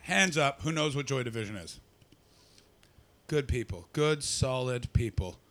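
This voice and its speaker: A man's voice: medium pitch, animated, unhurried, a bit bright. A man doing stand-up, brashly and profanely teasing the audience in crowd work. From not from Britain. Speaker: stand-up comedian.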